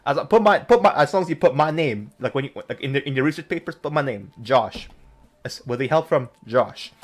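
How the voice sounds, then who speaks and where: Excitable young man yelling over a game. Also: mid-range voice, a little fast. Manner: excitable, laughs a lot, shouts and mocks game dialogue. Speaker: gaming streamer. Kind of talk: casual let's-play commentary.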